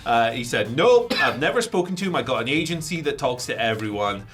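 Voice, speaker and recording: A man's voice: mid-range voice, animated, brisk, a bit bright. A man co-hosting a wrestling news show, chatting casually and rambling with jokes.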